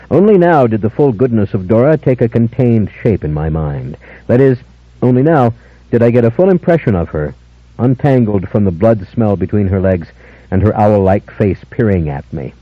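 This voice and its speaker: A man narrating an unabridged audiobook in a measured, dramatic first-person style. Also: on the low side, dry recording. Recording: dull lo-fi older audiobook, dry.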